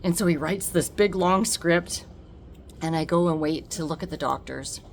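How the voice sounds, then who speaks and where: Woman vlogging a story, low-ish voice, super emphatic, plays out the convo, slight hiss behind. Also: moderate pace. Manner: animated, acts out the dialogue; emphatic, repeats words for effect. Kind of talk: personal storytelling.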